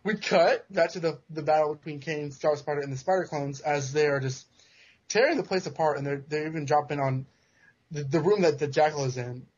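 A man's voice: fairly high pitch, fairly quick, slight background noise. A man casually recapping a comic book on a podcast, joking and restarting his sentences, in a dull lo-fi recording. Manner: joking, self-interrupting storyteller. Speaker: podcast co-host. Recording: dull lo-fi sound.

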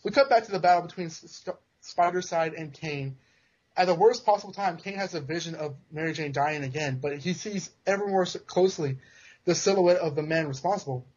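On a podcast, a co-host with a fairly high, slightly mellow voice recaps a comic book a little fast and casually. He jokes and interrupts himself with restarts, and the recording sounds dull and lo-fi.

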